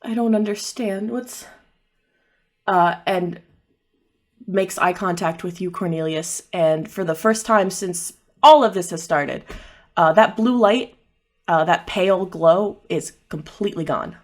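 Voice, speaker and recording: A woman's voice: on the low side, a little slow. A woman narrating a tabletop game as game master, casual with many fillers.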